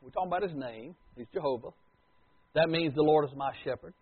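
Husky preacher on a tinny line. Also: male voice, fairly high pitch, brisk. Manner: dramatic swings from loud to hushed. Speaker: pastor. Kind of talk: sermon. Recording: tinny phone-like recording.

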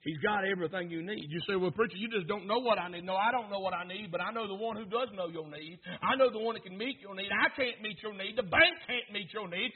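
Male preacher, husky high-pitched voice, fervent rhythmic delivery, tinny lo-fi recording. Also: lively intonation, quick pace, hardly any pauses. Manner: fervent preaching, swings from near-whispers to shouts; rhythmic repetition, asks congregation to repeat. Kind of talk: sermon.

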